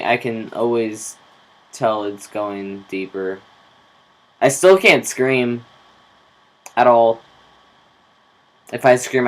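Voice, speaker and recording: Young guy rambling slow into his camera, cursing a lot, video diary. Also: medium pitch, low-quality recording. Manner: slow, rambling, swears casually. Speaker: vlogger.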